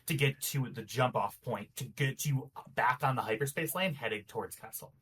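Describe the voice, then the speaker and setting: A man's voice: medium pitch, normal speed, a bit bright, breathy edge. A man running a tabletop game as game master, explaining the rules patiently with frequent restarts.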